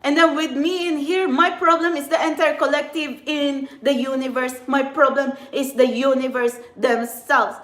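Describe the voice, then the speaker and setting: A high-pitched woman rants in a heated, rambling way, swearing and tripping over fillers as she talks straight to her viewers. Her voice rings around a roomy, echoey space. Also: fairly bright tone. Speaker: tarot reader vlogger. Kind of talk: angry ranting monologue.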